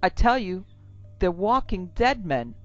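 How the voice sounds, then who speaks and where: A woman voicing a frightened, defiant young tavern woman in a horror audio story, pitching her voice up into a shrill, pleading tone. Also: moderate pace, gravelly, a little mellow. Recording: dull lo-fi with faint music.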